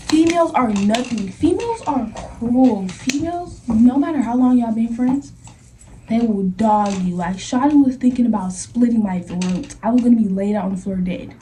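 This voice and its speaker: A young woman in a casual storytime vlog, animated and slangy, acting out the scenes as she talks. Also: on the high side, moderate pace, noisy background. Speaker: vlogger. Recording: echoey room, voice from a distance.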